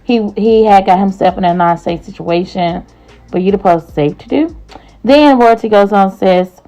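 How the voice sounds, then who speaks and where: A woman's voice: medium pitch, moderate pace, warm tone, faint music behind, rough recording. Chatty woman hosting a gossip vlog. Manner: chatty, casual slang. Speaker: host.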